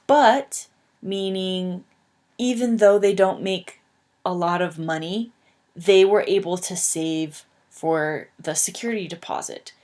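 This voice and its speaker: A woman's voice: fairly low pitch, darkish tone. A young woman teaching an English lesson, patiently explaining words with plain fillers. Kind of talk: slow English lesson, reading aloud.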